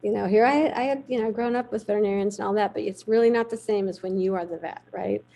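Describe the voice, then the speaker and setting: A middle-aged woman recounts an old career story with lively, animated storytelling, acting out the people she quotes. Her voice has a gravelly fry and a dark, mellow tone. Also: medium pitch, fast, low-quality recording. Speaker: veterinarian guest. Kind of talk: storytelling in a podcast interview.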